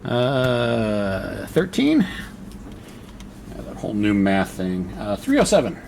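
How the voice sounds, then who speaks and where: A man's voice: fairly low pitch, wildly swooping pitch, slow, creaky, a little mellow, a little hiss or hum. A man playing a solo board wargame, thinking aloud and reading the rules to himself as he works through each turn. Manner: muttering, reads rules aloud and reasons through them.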